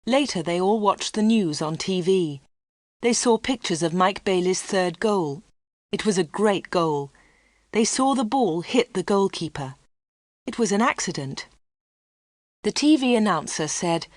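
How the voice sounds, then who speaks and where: Female narrator for a learner's storybook, steady clear reading, dry. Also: on the low side, measured pace, no echo.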